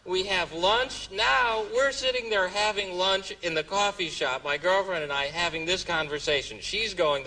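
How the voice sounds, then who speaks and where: A man telling a comic story on stage as a stand-up comedian, jumping into high squeaky voices for quoted exclamations. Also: moderate pace, bright, forceful tone. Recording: distant mic, noisy room ambience.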